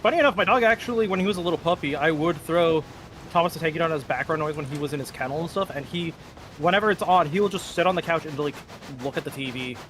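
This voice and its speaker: A man in a casual chat, upbeat and chatty with quick asides. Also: fairly high pitch, fairly bright tone, a little hiss or hum. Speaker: co-host of a gaming chat. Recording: music playing behind the voice.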